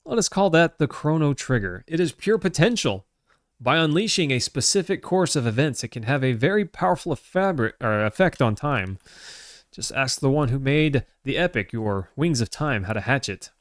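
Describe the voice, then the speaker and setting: A man reading as a calm old sage. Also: mid-range voice, moderate pace, no echo, studio quality, close to an everyday voice. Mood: solemn. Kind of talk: reading game dialogue aloud.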